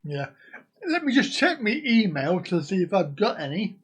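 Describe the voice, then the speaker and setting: A man's voice: sits high, big pitch swings, moderate pace, slightly rough. A man hosting a casual live stream, rambling and joking as he chats to his viewers. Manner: jokey, rambling, sings and laughs along.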